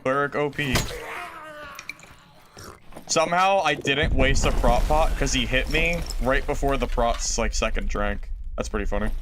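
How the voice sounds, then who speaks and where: A man's voice: medium pitch, a little slow, background noise. A young man streaming a video game, talking casually to chat in a rambling, self-mocking way that trails off into mumbles. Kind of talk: casual gameplay commentary.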